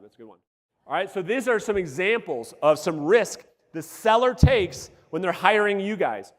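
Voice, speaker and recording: A man coaching a room of real estate agents at a live seminar, energetic and profane, quizzing the audience, his voice going hoarse. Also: high voice, big-room sound.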